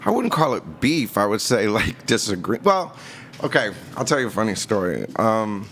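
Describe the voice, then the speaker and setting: A man's voice: fairly low pitch, big pitch swings, moderate pace, fairly bright tone, a little hiss or hum. Blunt, profane storyteller man. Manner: blunt, profane, acts out dialogue. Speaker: guest, former radio program director. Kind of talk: casual storytelling.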